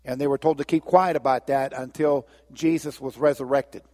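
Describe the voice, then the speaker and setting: A man's voice: mid-range voice, steady tone, moderate pace, mellow, big-room sound. A man preaching a sermon, telling Bible stories and briefly acting out the voices of the people in them. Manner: storytelling, acts out voices of biblical figures.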